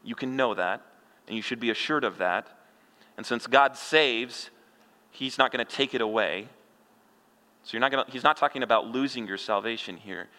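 Bright-voiced middle-aged pastor preaching. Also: male voice, medium pitch, moderate pace, long pauses. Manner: conversational preaching, rhetorical questions, folksy humor. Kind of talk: expository sermon. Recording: long hall reverb.

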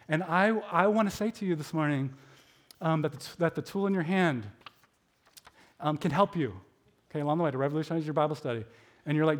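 A middle-aged man preaching in a casual, conversational way, self-deprecating and full of filler likes, telling stories with animated asides. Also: on the high side, quick pace. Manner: animated storytelling with acted inner voices. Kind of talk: conversational sermon.

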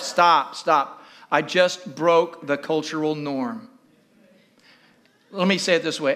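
A male pastor preaching a sermon to his church, animated and repeating questions to the congregation. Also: on the high side, measured pace.

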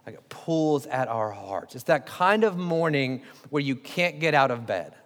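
A man's voice: mid-range voice, expressive, unhurried, a bit bright. Man, pastor, emphatic conversational preaching, long hall reverb. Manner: conversational, emphatic preaching with direct questions to the congregation. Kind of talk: sermon.

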